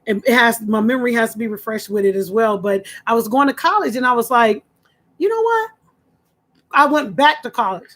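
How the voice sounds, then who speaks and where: Talking quickly with few pauses, a woman who once hosted a radio show tells her viewers a story in a casual way. She animates it by performing the quoted voices with big pitch jumps.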